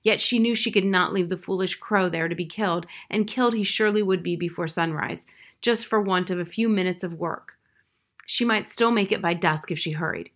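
A woman reading a children's novel aloud in a measured storytelling manner. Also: fairly low pitch. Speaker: audiobook reader.

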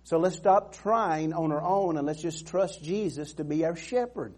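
A man's voice: a little high, moderate pace, a little mellow. A man preaching a sermon in an earnest, emphatic way, repeating phrases and restarting sentences.

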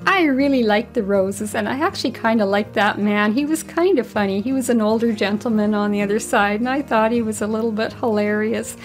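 A woman's voice: a little high, brisk, few pauses, soft background music. A woman in her sixties, a retired grandmother, hosting a solo podcast and telling stories in a chatty way, laughing now and then. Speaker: podcast host.

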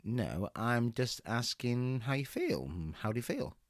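A man plays a mild counsellor who erupts into a fire-and-brimstone preacher casting out the devil. The voice swings widely in pitch and carries a gravelly rasp. It is recorded dry and close. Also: big pitch swings, measured pace, no room sound. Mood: calm, patient. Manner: soft and patient, then booming revival-preacher fervor. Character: calm male counsellor turned fiery exorcist preacher. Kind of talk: comedy sketch acting.

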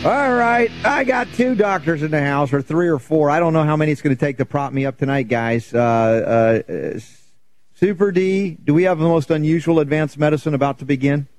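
A man's voice: on the high side, fairly quick, dry recording, soft background music. A man hosting a radio talk show in casual chat, tired and worn out from travel, talking loosely and laughing often.

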